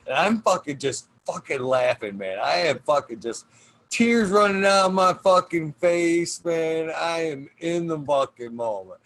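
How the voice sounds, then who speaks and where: A man's voice: on the high side, animated, a little slow, a bit bright. A man hosting a casual podcast, laid-back and swearing constantly as he laughs through a story about his day. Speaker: podcast host.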